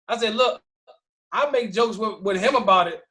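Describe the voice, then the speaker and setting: A man's voice: high voice, moderate pace. A man co-hosting a podcast in casual chat, telling stories and acting out what others said. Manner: animated storyteller acting out quoted voices. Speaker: podcast co-host.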